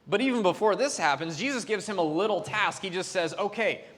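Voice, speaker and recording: A man's voice: sits high, expressive, a little fast, fairly bright tone, a little hiss or hum. A man preaching a sermon as a pastor, chatty and loose, with fillers and restarts. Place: church sanctuary. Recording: long reverb of a church hall.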